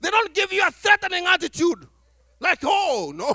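Bright, high-voiced preaching pastor. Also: male voice, moderate pace, no echo, clean studio sound. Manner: animated preaching with acted-out dialogue and laughs. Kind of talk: sermon. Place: church.

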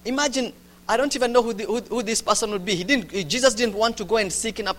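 A man delivers a sermon. He moves between loud, urgent stretches and quiet, hushed ones. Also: high-pitched. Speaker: preacher.

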